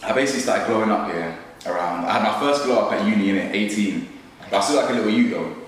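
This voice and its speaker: Young man, laid-back and teasing, low voice, in a very echoey room with dishes clinking. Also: fast, recorded from a distance. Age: young adult. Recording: very echoey room, faint noise.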